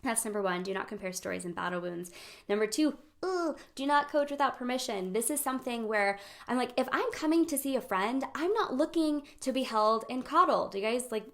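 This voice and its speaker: A young woman hosting a casual live-streamed talk on friendship, animated, laughing often and acting out quoted voices. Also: on the high side, brisk. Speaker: host of a friendship training.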